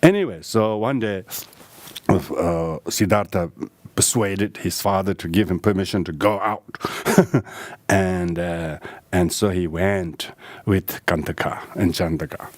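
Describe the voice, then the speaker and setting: An older lama telling a story in a low voice, laughing often and stopping to restart his sentences. The sound is dry and close, with no room echo. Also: slow. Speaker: lama, meditation teacher. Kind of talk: dharma talk, storytelling.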